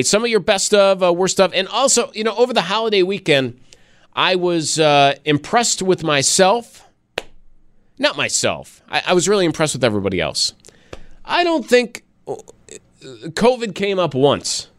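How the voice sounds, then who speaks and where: A man's voice: a bit bright, dry recording. Chatty male radio host, dry sound. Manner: chatty, laughing, wide pitch swings. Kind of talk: casual radio talk.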